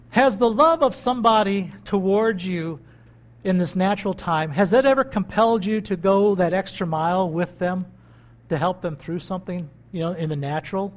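Animated high-voiced man preaching. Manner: animated, swings between loud bursts and quiet asides. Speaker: pastor. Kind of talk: sermon. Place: country church.

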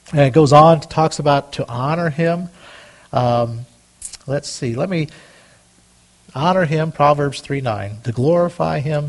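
A fairly high-voiced man preaching to a congregation. He talks in a loose, conversational way, with repeated words and restarts, and reads scripture aloud. His voice climbs louder and higher when he voices prayers. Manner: rises loud and high on prayers. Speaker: pastor. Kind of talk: sermon.

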